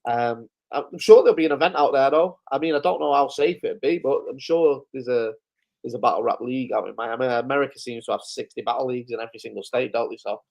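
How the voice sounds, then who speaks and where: A man's voice: mid-range voice, creaky, a little mellow. A man hosting a live-stream recap, chatting casually, swearing freely and chuckling through his stories. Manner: loose, swearing, chuckling storyteller. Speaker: host.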